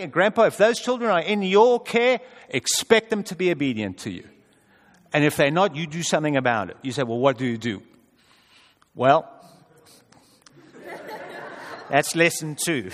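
A pastor preaches in a relaxed, conversational way with a dry, wry humor. His voice sits high for a man. It carries the long reverb of a hall. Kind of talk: sermon.

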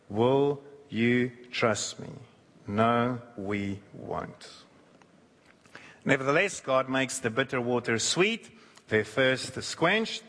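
A man preaching a sermon who acts out quoted voices, shifting his pitch and pace. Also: sharp tone. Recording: long hall reverb.

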